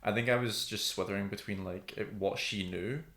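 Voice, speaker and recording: A man with a fairly low, bright, forceful voice co-hosts a podcast, keeping a steady tone at normal speed. He talks casually about TV and thinks aloud with many ums, and the audio has a roomy echo.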